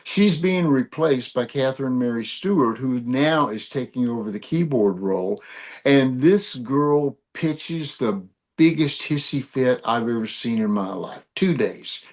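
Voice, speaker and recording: An older man, a musician, telling lively anecdotes in an interview, laughing as he goes. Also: medium pitch, unhurried. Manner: animated storyteller, laughs often. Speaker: guest musician. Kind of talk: storytelling interview.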